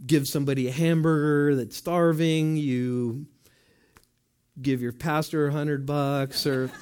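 A man with a high-pitched voice delivers a sermon in a chatty, conversational way. He throws questions to the congregation and answers himself in quick asides, like a pastor talking with his flock. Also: fairly even intonation, a little mellow, clear, resonant tone.

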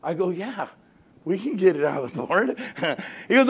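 A middle-aged male pastor with a fairly high voice tells a story from the pulpit. He acts out the back-and-forth of phone calls. He laughs his way through the funny parts. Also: moderate pace, pauses often, slightly rough. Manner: animated, acts out both sides of conversations, laughs often. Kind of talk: storytelling sermon.

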